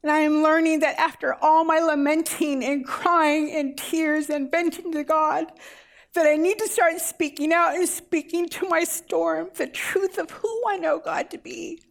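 A woman preaching a sermon in an earnest, tender way, pausing often and ending in prayer. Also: very high-pitched, fairly even intonation, gravelly.

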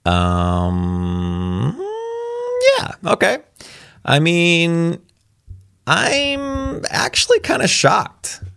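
A man's voice: fairly high pitch, big pitch swings, drawn-out words, gravelly, long pauses, fairly bright tone, clear, resonant tone, dry recording, clean studio sound. A man reading a story aloud and then reacting to it casually, rambling with fillers. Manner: rambling, with many fillers when commenting. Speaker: story reader.

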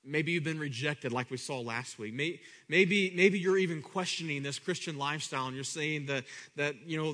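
Man preaching, sermon, animated delivery, bright tense voice, fairly high pitch. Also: moderate pace, few pauses. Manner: animated, swings between loud high bursts and low quiet asides; repeats words, acts out voices of the people in his story.

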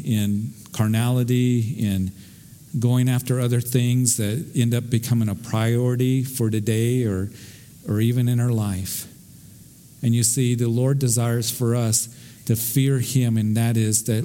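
A man's voice: mid-range voice, steady tone, unhurried. A middle-aged American man, a pastor, teaching verse by verse through the Bible in a conversational way, telling stories and often restarting his sentences. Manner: conversational, warm storytelling with frequent restarts.

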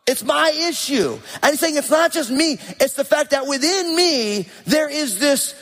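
Emphatic high-voiced preacher in a hall. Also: male voice, unhurried. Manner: emphatic, animated preaching with rhetorical questions. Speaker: pastor. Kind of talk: sermon. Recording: long hall reverb.

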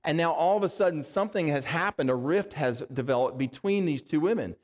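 A man's voice: a little high, animated, fairly quick. Man preaching in a reverberant hall. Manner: conversational, asks rhetorical questions. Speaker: pastor. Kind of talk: sermon.

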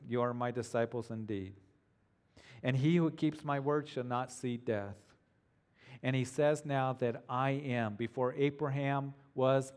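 A man preaching a sermon to his congregation, earnest and emphatic, slowing down to repeat key phrases. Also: mid-range voice, fairly even intonation, a little mellow. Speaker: pastor.

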